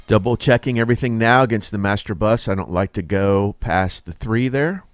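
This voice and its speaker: A man, a mixing engineer, explaining his process in a relaxed, casual tutorial, correcting himself as he works. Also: lowish voice, moderate pace, loud music behind the voice. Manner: relaxed, explains while working, with fillers and self-corrections.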